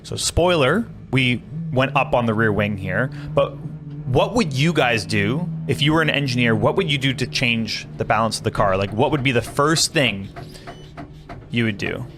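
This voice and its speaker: Breathless racing driver talking to viewers. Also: male voice, mid-range voice, animated, normal speed. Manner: chatty, explaining to viewers, self-interrupting. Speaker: racing driver and channel host. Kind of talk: casual in-car commentary.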